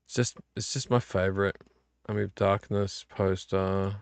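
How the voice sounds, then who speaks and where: A man's voice: low-pitched, moderate pace, clear, resonant tone, dry recording. A tired man, hosting a casual late-night vlog and rambling about his movie collection. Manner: relaxed, rambling, complains about covers. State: tired and yawning. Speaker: vlog host. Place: home room.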